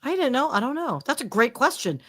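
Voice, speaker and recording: A woman's voice: high-pitched, sing-song, a little fast, a bit bright. A woman guest on a casual live stream, chatting playfully about tech and movies. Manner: playful, chatty, laughs easily. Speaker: guest, tech show host.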